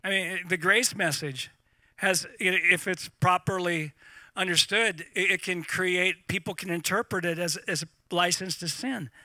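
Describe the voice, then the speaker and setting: A middle-aged man preaching to a live congregation, animated and repeating words as he talks. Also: sits high, unhurried, no echo. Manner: animated, repeats words, laughs at own points. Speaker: pastor.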